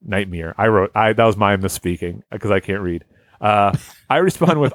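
A man's voice: lowish voice, lively intonation, brisk, dry recording. A man hosting a podcast, reading a listener's story aloud in casual chat, often breaking into laughter and stumbling over words.

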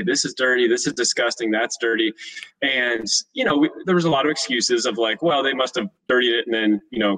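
A young man telling stories as a guest in a casual interview, animated and acting out the voices of people in his stories. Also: medium pitch, recorded from a distance, poor audio. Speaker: podcast guest, short-term rental host.

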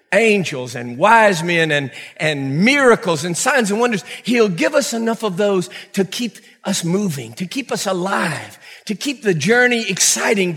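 A man's voice: high voice, a bit bright, big-room sound. A middle-aged man preaching a sermon to a congregation, telling stories animatedly with acted-out quotes and laughter. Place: church hall before a congregation.

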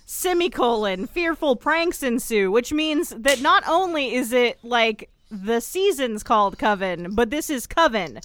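A woman's voice: on the high side, animated, unhurried, hardly any pauses, a bit bright, slight background noise. A woman co-hosting a podcast, recapping a TV episode in casual chat with a sarcastic, rambling manner and many ums. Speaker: podcast co-host.

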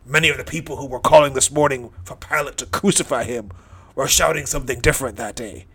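A man's voice: quick pace, vocal fry, fairly bright tone, breathy edge. A man performing a dramatic first-person monologue as a hardened, bitter thief dying on a cross, brooding and cynical. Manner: brooding, cynical, low-key.

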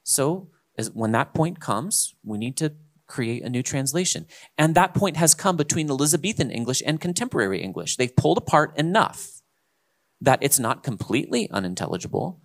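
A man hosting a casual discussion, talking in an emphatic, lecturing way that swings between loud stresses and quiet asides. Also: medium pitch, expressive, moderate pace.

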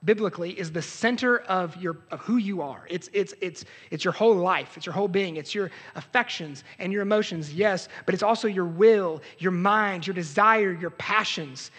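A young adult man preaching a sermon as pastor, earnest, swinging from loud outbursts to hushed lows. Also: normal speed, few pauses, breathy edge. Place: church sanctuary. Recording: hall reverb.

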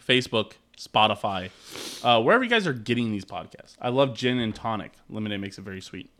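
A man hosting a casual podcast, joking with friends and giving loud shout-outs as he wraps up. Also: lowish voice, lively intonation, a little fast. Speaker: podcast host.

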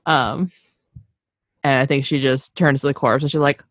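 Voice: mid-range voice, fairly even intonation, moderate pace, dry recording, studio quality. A tabletop game player casually narrating their character's actions with a chatty, laughing manner. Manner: chatty, laughs between phrases. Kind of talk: casual role-play narration.

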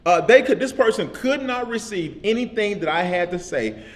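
High-voiced preacher man, "amen?" asides. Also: lively intonation, normal speed. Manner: repetitive call-and-response preaching with frequent "amen?"; casual vernacular speech. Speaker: pastor. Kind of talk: sermon.

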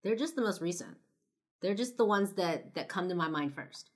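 A woman's voice: mid-range voice, expressive, moderate pace. A woman in her twenties telling a personal story in a casual, chatty way, with lots of fillers and some swearing. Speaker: podcast and video host.

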